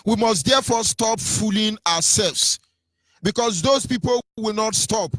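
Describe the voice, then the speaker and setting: A man's voice: high voice, a little slow, fairly bright tone, dry recording. A Nigerian man with a Nigerian accent giving an impassioned political radio talk, mocking and sing-song, his voice swinging between rises and drops. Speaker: radio commentator.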